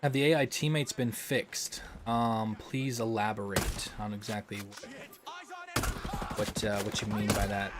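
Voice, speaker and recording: Over a noisy background, a young man with a fairly low voice unhurriedly hosts a gaming stream. Relaxed and rambling, he chats and responds to super chats with lots of ums and restarts.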